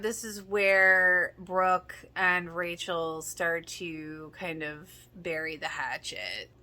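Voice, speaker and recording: Bright-voiced woman host, chatty fan recapping scenes, quick to laugh and gush. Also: on the low side. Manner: excitable, gushing, laughs often. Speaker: podcast host reacting to a TV episode. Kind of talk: casual reaction commentary.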